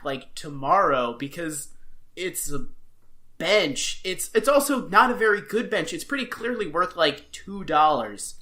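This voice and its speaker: A woman's voice: mid-range voice, fairly bright tone. A woman co-hosting a podcast, joking sarcastically about a TV episode and acting out lines. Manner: sarcastic, jokey, acts out characters' lines. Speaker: podcast co-host. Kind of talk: casual chat recapping a TV episode.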